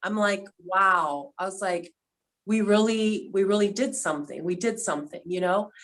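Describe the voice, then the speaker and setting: A woman hosting a cast reunion on a video call, sharing memories in a loose, heartfelt way. Her voice sits in a middle pitch, and she keeps drifting toward emotion as she talks. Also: normal speed, fairly bright tone, poor audio. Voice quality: quadriplegic speaker talking from a seated video call. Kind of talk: casual reunion chat.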